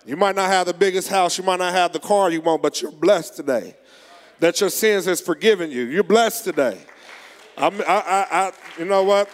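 A male preacher delivering a sermon, reading scripture slowly and preaching with rising fervor. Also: sits high. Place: church. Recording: long echo of a large hall.

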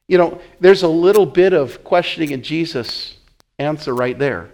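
A man preaching a sermon in an animated way, often repeating words as he acts out the scene. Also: fairly high pitch, moderate pace.

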